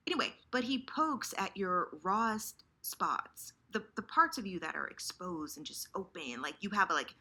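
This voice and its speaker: Lively, bright-voiced woman host. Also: mid-range voice, normal speed, hardly any pauses. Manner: animated, acts out inner voices, lots of restarts. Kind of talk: casual chat about fandom.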